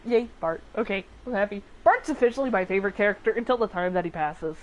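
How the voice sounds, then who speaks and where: A woman's voice: medium pitch, fast talker, rough recording. A chatty woman with a Southern US accent talks through a video game. She rambles and gushes in a middle-range voice. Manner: chatty, effusive. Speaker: let's play host. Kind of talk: gaming commentary.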